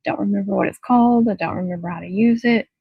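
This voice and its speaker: A woman's voice: mid-range voice, fast, gravelly, husky, no room sound, muffled recording. A woman hosting a casual craft livestream, rambling chattily and breaking off to talk to her dog.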